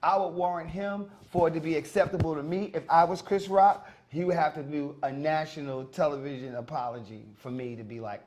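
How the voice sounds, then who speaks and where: A high-pitched man co-hosts a morning radio-style show. He talks in loose, animated banter and jumps into loud acted-out quotes. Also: brisk, few pauses. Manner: animated, acts out quotes loudly. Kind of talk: casual banter.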